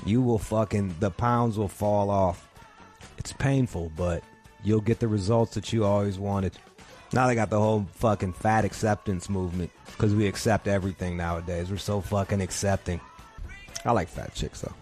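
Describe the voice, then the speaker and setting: A man with a low voice hosts a podcast from home. He rambles through crude, profane stories in a loose comic rant, with faint music behind him. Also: fairly even intonation, normal speed, a little mellow. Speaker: podcast host. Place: home couch.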